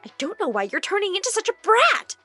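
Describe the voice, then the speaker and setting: A wealthy mother who gushes sweetly one moment and scolds curtly the next, as a woman narrator puts her on in an animated story. The voice is high and lively with big swings in pitch. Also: fast, dry recording, faint music behind, exaggerated voice. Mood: scolding. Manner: gushing to one child, curt and scolding to the other. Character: doting, dismissive adoptive mother.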